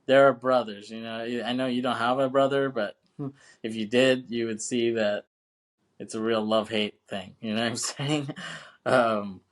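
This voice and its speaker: A man's voice: medium pitch, fairly even intonation, measured pace. A man co-hosting a film podcast, chatting casually, laughing often, swearing freely and saying "you know what I'm saying" a lot. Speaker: podcast co-host.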